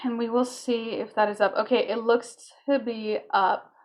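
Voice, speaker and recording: A young woman streaming a game at home, chatting casually and excitably with her viewers, breaking into squeals of joy. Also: a little high, moderate pace. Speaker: gaming streamer. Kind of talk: casual live-stream chat. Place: home, moving to kitchen.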